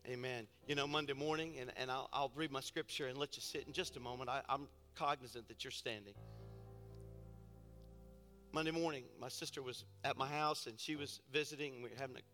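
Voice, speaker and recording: This pastor speaks briskly at a medium pitch with fairly even intonation, faint music playing behind him. He starts with a soft, intimate story and rises into loud, fervent preaching.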